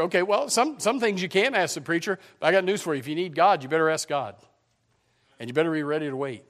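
High-pitched folksy preacher man. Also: lively intonation, quick pace, a bit bright. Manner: folksy, repeats words, jokes with congregation. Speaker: pastor. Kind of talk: sermon.

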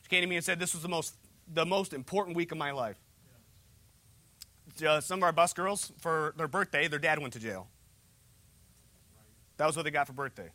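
A man's voice: fairly high pitch, moderate pace, pauses often, bright, forceful tone, no echo. A young man preaching a sermon, with a joking, conversational delivery and humorous asides. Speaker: pastor.

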